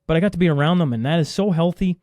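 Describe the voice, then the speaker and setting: A middle-aged man talks as a guest in a casual interview, fired up and emphatic. He keeps asking rhetorical questions and answering them himself. His voice sits a little high, and the sound is dry with no room echo. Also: very fast, a little mellow. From Canada. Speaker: podcast guest.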